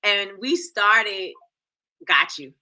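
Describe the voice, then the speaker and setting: A woman's voice: mid-range voice, drawn-out words, sharp tone. A woman hosting a live-stream show in casual chat, reading comments aloud, laughing often.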